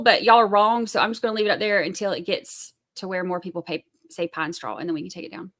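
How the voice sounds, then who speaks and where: A chatty Southern woman hosting a relaxed livestream from home, talking loosely to her viewers and reading their comments. Her voice is bright and forward, with an easy, rambling flow. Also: medium pitch, quick pace. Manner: chatty, rambling, reads chat aloud. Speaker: livestream host. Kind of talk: casual livestream chat.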